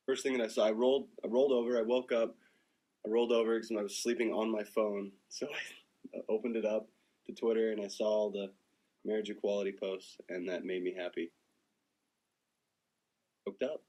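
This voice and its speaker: A young American man telling stories on a phone livestream in a loose, profane, animated way. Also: medium pitch, slight background noise, low-quality recording. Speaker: musician livestreaming to fans. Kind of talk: casual storytelling livestream.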